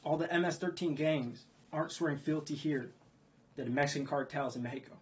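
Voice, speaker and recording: A man's voice: fairly high pitch, fairly quick, highs cut off. A man ranting about the news, swearing freely and asking rhetorical questions as he repeats his points. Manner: profane, repetitive, rhetorical "guess what" questions. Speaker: video blogger.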